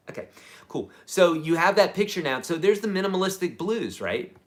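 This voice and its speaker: Man, guitar teacher, live stream lesson, energetic, chatty, big pitch swings. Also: moderate pace. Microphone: camera mic.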